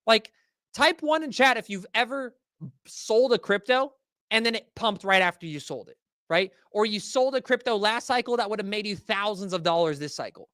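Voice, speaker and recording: A man's voice: high-pitched, expressive, normal speed, pushed and bright, no room sound, studio quality. A man hosting a livestream, ranting casually and profanely to his chat in slangy talk. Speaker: host. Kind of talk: livestream market rant.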